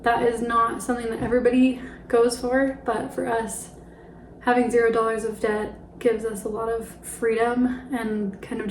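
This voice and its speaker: A woman's voice: a little high, a little mellow, roomy sound, a little hiss or hum, rough recording. A woman in her twenties talking casually about her family finances, slightly out of breath, with light laughs and fillers. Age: 20s. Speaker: personal finance vlogger. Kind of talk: casual talk to camera.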